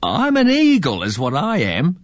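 A man voicing a strange little old man who claims to be an eagle, with a high drawling squawk. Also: huge pitch swings, unhurried, no echo. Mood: proud.

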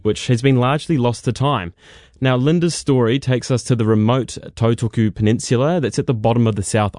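A man, a radio producer presenting a feature segment in a relaxed, conversational storytelling manner. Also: medium pitch, dry recording, clean studio sound.

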